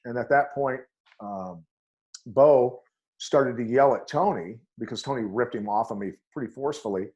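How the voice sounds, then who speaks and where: A man's voice: medium pitch, normal speed. Blunt middle-aged man telling fight stories. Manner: blunt and animated, acts out voices in his anecdotes. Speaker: guest, MMA coach. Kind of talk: storytelling on a podcast interview.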